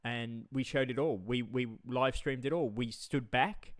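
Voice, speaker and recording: A man's voice: medium pitch, a little slow, no room sound, clean studio sound. A man ranting heatedly on a livestream, swearing and stammering through repetitions. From Australia. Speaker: live streamer. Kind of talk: angry livestream rant.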